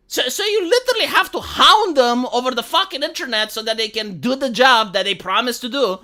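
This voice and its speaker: Profane, exasperated woman streamer. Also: fairly high pitch. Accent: Montreal. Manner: profane, exasperated, fast and animated. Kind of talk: casual live-stream rant.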